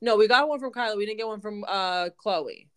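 A woman's voice: medium pitch, a little fast, fairly bright tone. A woman co-hosting a podcast in casual chat, blunt and swearing freely, with lots of filler words. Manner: speaks with a confident professional opinion. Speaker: podcast co-host.

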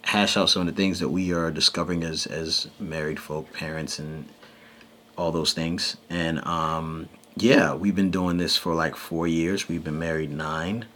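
A man's voice: extremely low pitch, steady tone, unhurried, a bit bright, slight background noise. A man co-hosting a married couple's podcast, talking loosely with many fillers. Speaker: podcast co-host. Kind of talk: casual chat.

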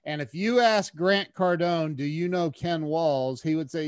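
Male podcast guest, lively storyteller who stumbles over repeated words, dry close-mic sound. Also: fairly high pitch, unhurried, clear, resonant tone, dry recording. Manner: animated, many restarts and repeated words. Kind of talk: casual storytelling interview.

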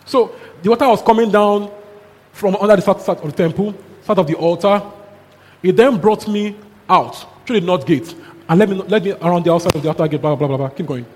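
A man preaching a sermon, telling a story in an animated way with chuckles and local exclamations. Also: high voice, a little fast. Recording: long hall reverb, faint background noise.

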